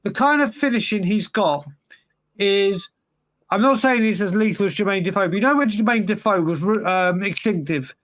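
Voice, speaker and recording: Male podcast co-host, high pitch, emphatic and rambling. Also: moderate pace, fairly bright tone. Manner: rambling, restarts, emphatic opinions. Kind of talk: casual football chat.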